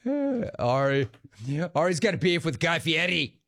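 A man's voice: fairly high pitch, sing-song, moderate pace, vocal fry, a bit bright. A man hosting a call-in radio show, taking callers with a playful, joking delivery. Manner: playful, jokey, sing-song riffs. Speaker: radio talk show host.

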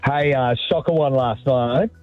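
A man in his thirties with an Australian accent calling in to a radio show, telling a story with animated energy. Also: medium pitch, measured pace, no echo. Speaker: caller. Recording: dry tinny phone line.

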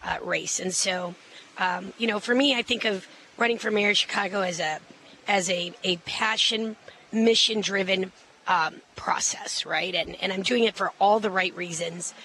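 Bright-voiced confident woman candidate. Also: medium pitch, steady tone, a little hiss or hum, rough recording. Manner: confident, quick, many fillers and restarts. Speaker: mayoral candidate. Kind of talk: interview answers.

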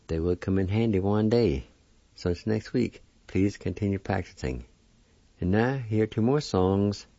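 Male language teacher, very low and mellow voice, slow deliberate syllable-by-syllable delivery, dry dull lo-fi recording. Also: creaky, dry recording. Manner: deliberate, spells and sounds out each syllable.

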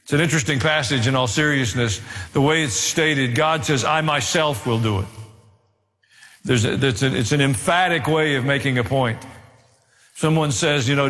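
A man's voice: medium pitch, normal speed, a bit bright. Man preaching a sermon in a reverberant hall. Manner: earnest, rising to emphatic preaching with dry humor. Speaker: pastor.

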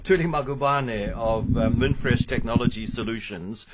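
A man's voice: mid-range voice, moderate pace, heavy background noise. A man hosting a radio show, chatty and enthusiastic, talking in the studio. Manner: chatty, laughing, enthusiastic about food. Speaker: radio host. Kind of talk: radio talk show chat.

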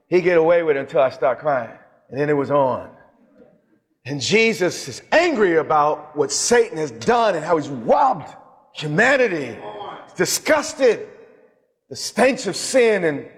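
A man preaching a sermon in a large church, his voice sitting a little high for a man and trailing off in a long reverb. He swings from quick storytelling into loud shouts and slow, drawn-out emphasis. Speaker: bishop. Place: church sanctuary.

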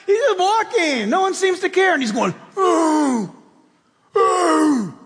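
Animated high-voiced male pastor preaching. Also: a little fast, long reverb tail. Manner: animated storytelling, acts out voices. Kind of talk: sermon.

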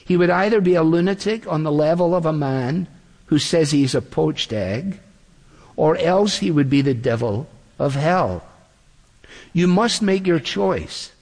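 A man preaching an earnest expository sermon. He slows down when he quotes scripture. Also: a little high, expressive, darkish tone, long reverb tail.

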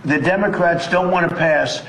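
A man's voice: on the high side, moderate pace, a bit bright. A man making emphatic, repetitive political points. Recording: roomy clip with faint background noise.

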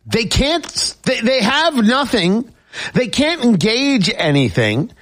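Male talk radio host, high and lively pitch, emphatic monologue style. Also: slow. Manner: emphatic, repetitive, animated.

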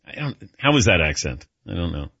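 A man's voice: low-pitched, big pitch swings, a little fast, vocal fry, sharp tone, slightly rough, no echo. A middle-aged man hosting a sports radio show, chatting casually with a wry, self-deprecating manner. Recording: dull lo-fi broadcast audio.

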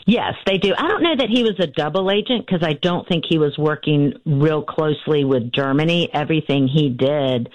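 A woman in her fifties, an author being interviewed, telling a family story earnestly with many pauses and restarts. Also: deep voice, no room sound, dull audio. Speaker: author and guest.

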